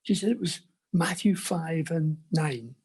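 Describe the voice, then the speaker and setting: An older man telling his personal faith story in an earnest storytelling manner with quiet asides. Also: fairly high pitch, unhurried, husky. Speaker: conference speaker. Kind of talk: personal testimony.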